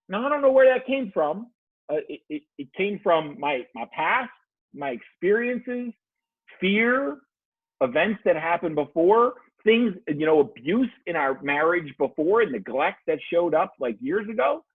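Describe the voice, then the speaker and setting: A man's voice: sits high, a little fast, breathy edge, dry recording. A man talking as a coach guest in a casual podcast chat, telling stories with lots of swearing. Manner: animated storyteller, swears freely. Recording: tinny phone-like line.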